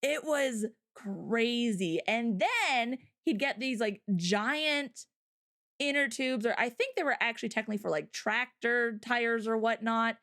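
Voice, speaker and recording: A woman's voice: a little high, measured pace, a bit bright. A young Canadian woman with a Canadian accent, hosting a casual livestream chat in a giggly, rambling way full of fillers. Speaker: livestream host.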